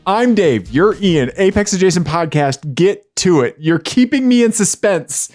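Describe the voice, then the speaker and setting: Excitable male podcast co-host, fairly high voice with big swings in pitch, casual chat. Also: unhurried, faint music behind. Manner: excitable, voice jumps high in surprise.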